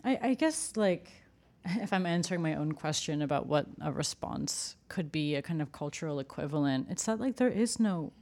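Casting: woman, lowish voice, chatty and animated, conversational journalist. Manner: animated, quick asides with "like". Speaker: journalist, co-host. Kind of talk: casual conversation.

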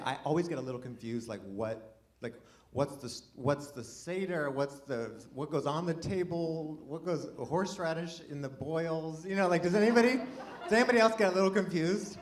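A man performing a stand-up comedy set in front of a live audience, talking in a rambling, self-deprecating way, full of false starts and restarts. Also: fairly high pitch. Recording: live room with audience laughter. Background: audience laughing.

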